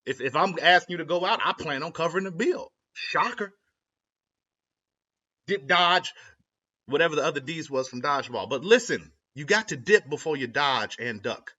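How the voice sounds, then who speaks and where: Young adult man from Ohio, vlogger rambling to camera, bright lively voice, slangy and self-interrupting. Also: a little high. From Ohio, USA. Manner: animated, self-interrupting, slangy, laughs at his own jokes. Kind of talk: rambling casual monologue. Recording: lo-fi dull audio.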